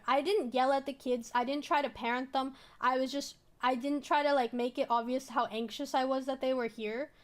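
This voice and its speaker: A young woman streamer telling a personal story in a rambling, casual way, full of fillers and restarts. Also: high-pitched. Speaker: VTuber streamer.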